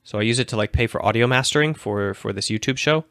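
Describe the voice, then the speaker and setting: A man's voice: mid-range voice, fast talker, a bit bright, no room sound, clean studio sound. A man in his thirties hosting a livestream show, talking casually in a rambling, self-correcting way. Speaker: host.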